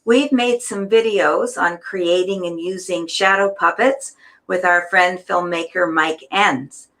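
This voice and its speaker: A woman's voice: on the low side, steady tone, slow pace, a bit bright. A woman puppeteer introducing a shadow puppet performance.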